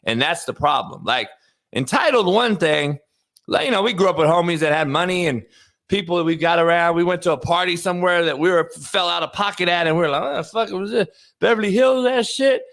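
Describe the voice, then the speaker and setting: A man hosting a talk show who argues in a casual, profane rant, rising into loud outbursts as he makes his points. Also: a little high, brisk. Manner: animated, profane ranting with sudden loud outbursts. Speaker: show host, former coach.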